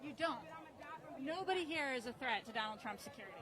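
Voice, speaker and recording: A woman's voice: high voice, animated, fast. A woman co-reporting live from a street protest, emphatic and agreeing. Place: outdoor city street protest. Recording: live outdoor stream amid a loud crowd. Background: loud crowd.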